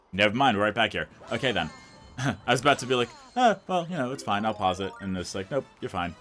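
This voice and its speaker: Young guy rambling thru his gameplay, lowish voice, says "like" constantly, faint game music behind. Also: fairly bright tone. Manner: rambling, fills every sentence with "like". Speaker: let's play host. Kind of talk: casual gameplay commentary.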